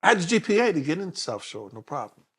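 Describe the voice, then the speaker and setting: A man's voice: fairly high pitch, quick pace, creaky, slightly rough. A man in his sixties with a New York accent, a detective telling his life story as an interview guest, acting out the voices of people in it. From New York City. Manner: animated, acts out quoted voices in stories.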